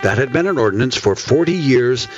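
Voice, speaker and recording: A man's voice: mid-range voice, animated, a little fast, highs cut off, soft background music. A man co-hosting a radio panel, playfully explaining things and laughing easily. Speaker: radio show co-host. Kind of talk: casual radio panel chat.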